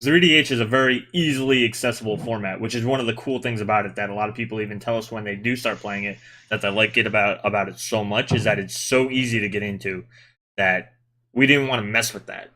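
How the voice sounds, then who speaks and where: A man with a low-pitched but bright, forceful voice runs a loose gaming podcast. He talks at length, laying out rules and ribbing his co-hosts. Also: steady tone, fast talker. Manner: chatty, explains rules at length, teasing. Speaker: podcast host. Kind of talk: casual gaming podcast chat.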